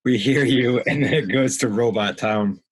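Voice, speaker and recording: A man with a husky, mid-pitched voice hosts a podcast over a video call. He jokes, swears freely and laughs often. His tone stays loose and chatty. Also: moderate pace, low-quality recording. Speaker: podcast host.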